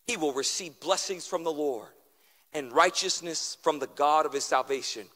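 A man preaching a sermon as pastor, building through repeated refrains and dropping suddenly to a hush. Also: a little high, normal speed, in a large hall.

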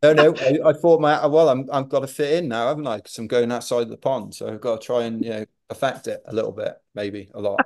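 A Welsh man, a podcast guest, telling a story in a chatty, animated way during a casual interview. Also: mid-range voice, a little fast, few pauses. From Wales.

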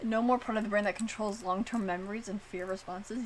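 A woman streamer chatting casually, animated and swearing, filling her talk with "like.". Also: medium pitch, a little fast, slight background noise. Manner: animated, swearing, heavy use of "like".

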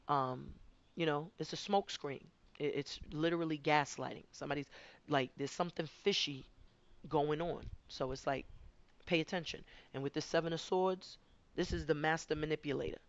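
A woman's voice: sits low, fairly even intonation, normal speed, lo-fi sound. A woman giving a conversational spiritual tarot reading, rambling and often repeating her words. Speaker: tarot card reader.

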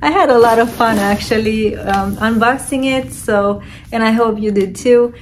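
A woman vlogger casually unboxing and reviewing secondhand handbags, talking in an unhurried, hesitant way with many fillers. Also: fairly high pitch, slight background noise. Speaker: reseller vlogger.

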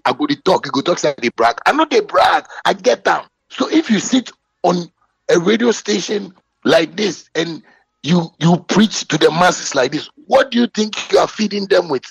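Answering a critic, a man from Ghana launches into a heated, boastful rant in Ghanaian-accented English, indignant and rising in pitch as he gets worked up. The voice is gravelly, husky, and a bit bright, captured without room sound on a rough recording.

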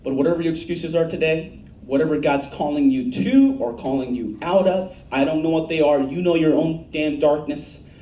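Pastor, male, high-voiced, mellow tone, blunt emphatic sermon delivery, roomy church sound from off-mic. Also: normal speed, far from the mic. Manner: blunt, emphatic preaching with asked-for audience answers.

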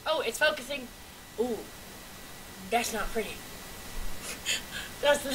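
A young woman vlogging at home in casual unscripted chat, swearing a lot and swinging between loud exclamations and muttered hums. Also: on the high side, slight background noise, rough recording.

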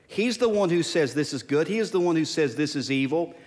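Lively-voiced man preaching in a hall. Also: a little high, a little fast. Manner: emphatic preaching, repeating key phrases. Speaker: pastor. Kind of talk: sermon. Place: church sanctuary.

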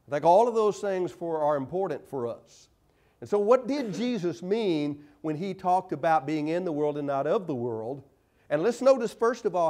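A man preaching a sermon in church, earnest and emphatic, slowing to stress key phrases and scripture. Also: a little high, darkish tone.

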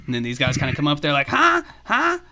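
A man narrating as game master, chatty and animated. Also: mid-range voice, racing.

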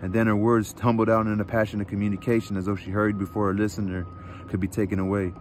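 A man reading a novel aloud in steady, unhurried narration. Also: on the low side, slight background noise. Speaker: reader. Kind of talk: book read aloud.

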